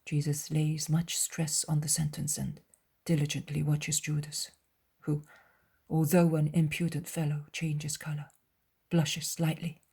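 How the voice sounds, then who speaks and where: A woman narrates a dramatized audiobook. Her delivery is soft and hushed. Her voice sits on the lower side. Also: gravelly, slightly rough.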